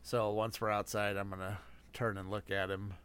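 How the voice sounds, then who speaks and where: Bright-voiced man playing a tabletop game. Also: lowish voice, little pitch movement, clean tone. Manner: halting, hesitant speech. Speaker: player.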